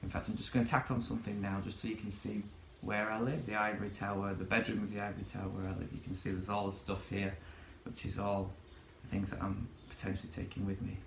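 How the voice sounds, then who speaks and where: A man's voice: lowish voice, little pitch movement, quick pace, creaky, hardly any pauses, a little hiss or hum. Rambling, swearing man in echoey bedroom. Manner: swears freely, rambling with many fillers. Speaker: vlogger. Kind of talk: casual ranting monologue.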